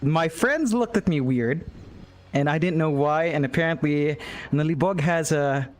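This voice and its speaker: Young Filipino male caster on a headset, relaxed stream banter, quick to laugh at himself, slightly high voice. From Philippines. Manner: chatty and self-mocking, laughing often. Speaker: esports caster. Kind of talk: casual chat between casters on a live stream.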